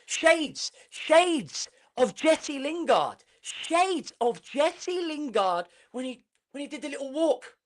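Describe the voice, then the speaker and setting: A man ranting on a live football reaction stream, animated and mocking, swearing freely. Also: extremely high pitch, slow.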